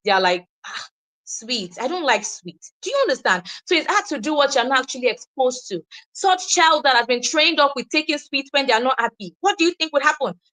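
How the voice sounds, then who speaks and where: A young woman with a Nigerian accent giving an informal teaching session, animated and quick to laugh, acting out the people she quotes. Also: fairly high pitch. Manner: animated, acts out quoted voices, laughs often. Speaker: wellness speaker.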